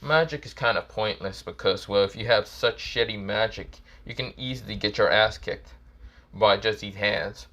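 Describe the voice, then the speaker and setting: A man voicing a blunt, tough young male fighter who talks gruffly and swears offhandedly. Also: fairly low pitch, moderate pace, bright, forceful tone.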